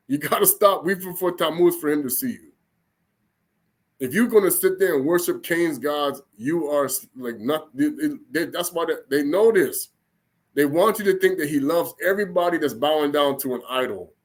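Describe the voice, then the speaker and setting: A man with a somewhat high voice preaches informally. He talks in a loose, colloquial way, often restarting sentences and checking in with his listeners. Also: animated, moderate pace. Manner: rambling, colloquial, frequent restarts and "okay?" checks. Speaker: religious teacher. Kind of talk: informal spoken sermon.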